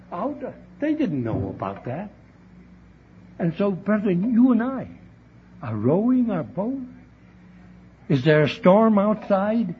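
A man preaching a heartfelt sermon to his congregation, often calling out to them as brethren. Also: sits high. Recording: dull, lo-fi recording with faint hiss.

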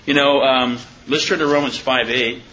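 A man's voice: mid-range voice, steady tone, sharp tone, muffled recording. Conversational man preaching a Bible study. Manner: conversational, asks the listeners questions; reads scripture slowly and deliberately. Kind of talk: informal Bible study sermon.

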